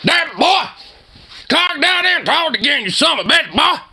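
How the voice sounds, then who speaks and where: A man voicing an angry, short-tempered middle-aged stepdad who shouts and curses. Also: very high voice, very animated, normal speed, vocal fry, pitched above the performer's own voice, full character voice. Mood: furious. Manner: shouting, cursing, hollering "boy". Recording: guitar music playing behind.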